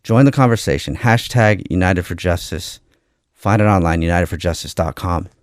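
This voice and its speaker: A man's voice: sits low, moderate pace, no room sound, clean studio sound. A man speaking as a radio host, giving an earnest, heartfelt on-air message.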